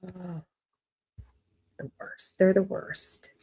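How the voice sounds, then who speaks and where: An older woman hosting a casual live-stream chat about a reality show, opinionated and animated, breaking into quoted voices. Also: fairly low pitch, extremely slow, husky.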